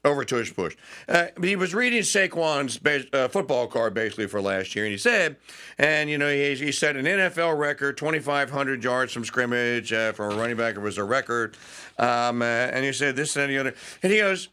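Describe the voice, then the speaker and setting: Lively, bright-voiced talk radio host, a man. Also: medium pitch, clean tone. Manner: chatty, laughs often, mimics quotes animatedly. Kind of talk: casual talk radio commentary.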